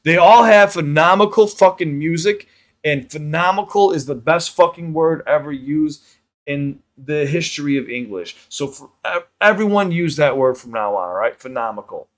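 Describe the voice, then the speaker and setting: A man casually chatting on a livestream while high, swearing a lot and reading chat aloud. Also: animated, moderate pace. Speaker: live streamer.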